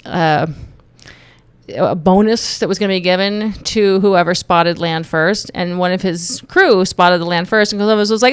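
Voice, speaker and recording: A woman's voice: mid-range voice, moderate pace, smooth, no room sound. Chatty, joking woman vlogger. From Texas. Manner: chatty, joking, rambling with restarts. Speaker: YouTube commentator. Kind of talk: casual opinion vlog.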